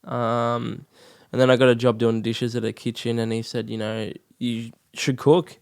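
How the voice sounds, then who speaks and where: An Australian man in his thirties, a podcast guest casually telling his life story, relaxed, swearing freely and saying "like" a lot. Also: mid-range voice, normal speed, gravelly, smooth, no echo, studio quality.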